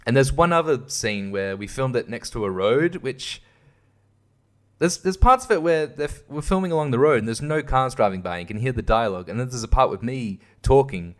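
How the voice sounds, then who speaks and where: A young man talks through a loose, casual monologue as host, rambling from one thought to the next. He swears freely and keeps breaking into laughter at his own stories, in a voice of ordinary middle pitch. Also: expressive, a little fast. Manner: rambling, profane, laughs often at himself.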